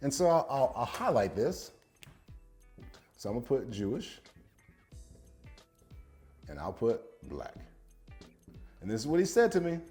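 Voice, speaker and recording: A man's voice: mid-range voice, very animated, measured pace, long pauses, warm tone, faint music behind. A man, a former football player turned business coach, telling a story to camera and quoting a friend aloud with frequent laughs.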